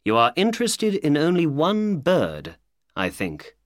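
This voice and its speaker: A self-assured detective explains a crime slowly and deliberately, as a male audiobook reader puts him on. His pitch stays lively while the pace stays unhurried. The recording is dry and close. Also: no room sound. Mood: calm. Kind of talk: audiobook character voice.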